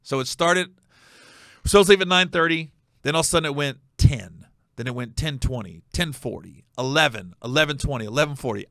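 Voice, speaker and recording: A man tells a story as a comedy host, jumping between voices for the people in it. His pitch swings widely and his tone is bright and forward. The recording is close and dry. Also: no room sound. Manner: animated, acts out the other voices in the story. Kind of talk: storytelling monologue.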